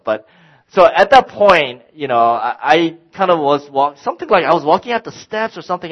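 A middle-aged pastor with a voice on the high side preaches a sermon, recorded with dull audio. He tells a personal story animatedly, acting out his own exasperation.

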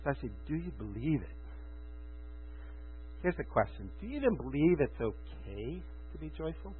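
A man preaching a sermon with passion, moving from hushed, quiet lines to loud, emphatic ones. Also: fairly high pitch, big pitch swings, normal speed. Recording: tinny phone-like sound with mains hum.

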